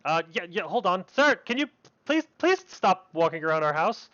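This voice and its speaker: A man's voice: very animated, moderate pace, bright, forceful tone, dry recording, dull audio, full character voice. A man voicing a small, eager and polite young girl in a tabletop game. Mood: flustered. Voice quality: high girlish voice.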